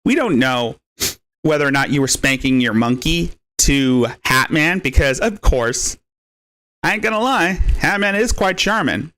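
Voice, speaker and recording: A man's voice: fairly high pitch, animated, a little slow, fairly bright tone. A man hosting a live stream, ranting in a profane, taunting way and repeating his jabs. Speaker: stream host. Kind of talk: mocking live stream rant.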